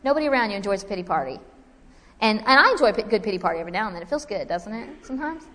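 A woman teaching a Bible lesson in a lively, conversational preaching style, with asides to her listeners. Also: medium pitch, rapid-fire, long reverb tail. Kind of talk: sermon.

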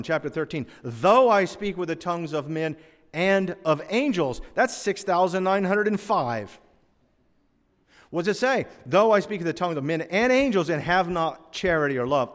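A man preaching a sermon in a church, conversational and joking as he teaches. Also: fairly high pitch. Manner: conversational preaching with asides and humor. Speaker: pastor. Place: church sanctuary. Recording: long hall reverb.

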